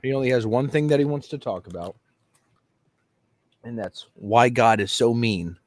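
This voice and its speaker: A man co-hosting a call-in discussion show, laying out his arguments in a measured, argumentative way. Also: mid-range voice, animated. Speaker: co-host. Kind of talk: casual debate chat.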